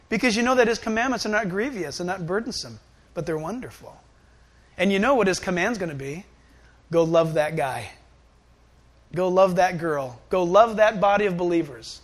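A man preaching a sermon in an animated, emotional way. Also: high-pitched, normal speed.

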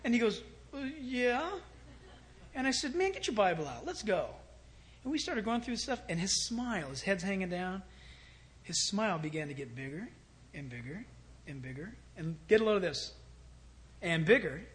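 A man preaching a sermon as pastor, animated, swinging from loud exclamations to hushed storytelling. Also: high-pitched, normal speed.

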